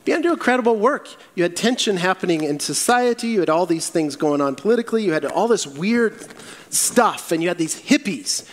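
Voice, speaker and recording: A male pastor preaching a sermon, acting out Bible quotes in a lively way. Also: high voice, a little fast, long reverb tail.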